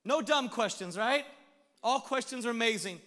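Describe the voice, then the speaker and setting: A man preaching a sermon as pastor, animated, swinging between shouted lines and hushed asides. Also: very high voice, moderate pace, big-room sound. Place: church sanctuary.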